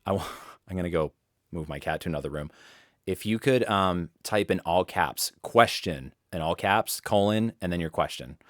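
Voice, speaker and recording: Deep-voiced casual male voice coach. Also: moderate pace, no echo, studio quality. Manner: casual, rambling, restarts sentences. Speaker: voice-over coach. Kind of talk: live webinar teaching. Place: home studio.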